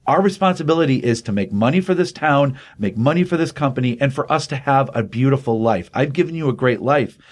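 A man's voice: medium pitch, expressive, brisk, hardly any pauses, lightly acted. A man voicing a stern middle-aged company-owner father lecturing his son.

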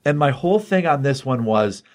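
Comic podcast host, man, mid-pitched, chatty and excited recapping. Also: normal speed. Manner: excitable storyteller, loose and rambling with fillers. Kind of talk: casual chat retelling a comic.

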